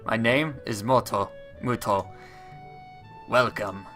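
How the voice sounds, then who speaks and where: A man voicing a rushed male homeroom and science teacher in a visual novel, talking briskly and tripping over a name. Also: medium pitch, sharp tone, soft background music.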